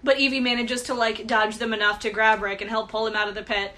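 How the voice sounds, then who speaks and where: A woman co-hosting a podcast, chatting about a movie in a casual, animated way and swearing often. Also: a little high, quick pace. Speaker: podcast co-host. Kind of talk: casual movie recap chat.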